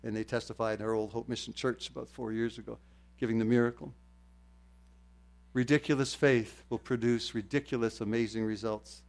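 An older man preaching a sermon, moving from quiet storytelling to loud, fervent exclamations. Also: medium pitch, level tone, fairly quick. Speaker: pastor.

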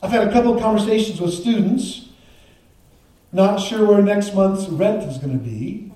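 Pastor guy giving a sermon, chatty and restarting lines, mellow tone, big echo. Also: sits high, moderate pace. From Canada. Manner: prays then preaches conversationally, with restarts and asides. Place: church sanctuary. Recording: very echoey church from a distance.

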